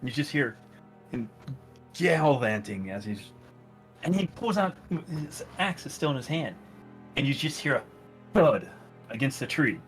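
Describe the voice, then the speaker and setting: A man's voice: mid-range voice, big pitch swings, a little slow, pauses often, faint music behind. A man playing in a tabletop game, casually narrating what his character does. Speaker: player.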